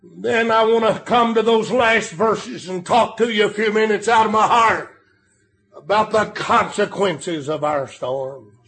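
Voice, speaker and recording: High-voiced older preacher shouting emphasis. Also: male voice, measured pace. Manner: storytelling, rising to shouted emphasis. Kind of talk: sermon.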